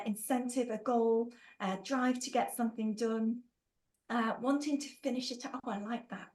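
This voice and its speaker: A woman's voice: a little high, a little mellow, low-quality recording. A woman hosting a live online workshop, bubbly and playful, reading out chat replies with teasing asides and frequent laughter.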